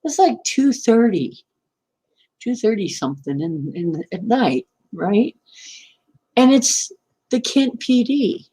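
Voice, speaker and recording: A woman's voice: a little high, sing-song, slow, pauses often, dark tone, slightly rough. A woman casually recounting a dream and a night phone call, rambling and correcting herself, often laughing. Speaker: channel host. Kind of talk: casual storytelling to camera.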